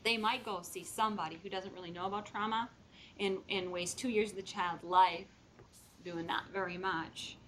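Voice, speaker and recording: A middle-aged woman lectures foster parents in a lively way, slipping into the voices of the people she quotes. Her voice sits at an ordinary middle pitch. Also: normal speed, a little hiss or hum. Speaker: speaker training foster parents.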